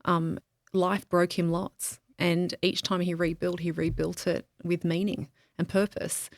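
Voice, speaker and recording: A grieving woman speaking candidly as a podcast guest in a reflective interview, searching for words with pauses and restarts. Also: fairly low pitch, level tone, gravelly, dry recording, studio quality.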